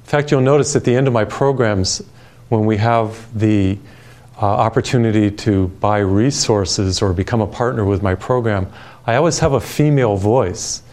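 A man preaching a televised sermon in a calm, gentle, soothing way, telling personal stories. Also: on the low side, normal speed. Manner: storytelling with personal anecdotes.

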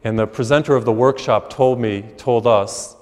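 A man's voice: medium pitch, normal speed. Preaching man in a reverberant church. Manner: storytelling, conversational preaching with folksy asides. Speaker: priest. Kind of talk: sermon.

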